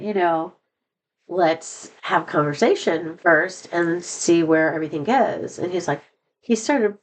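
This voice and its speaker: A woman's voice: fairly low pitch, low-quality recording. Woman vlogger, middle-aged, rambling confessional talk, sad and candid, slightly worn voice. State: voice not at full strength after being sick. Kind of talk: personal vlog monologue.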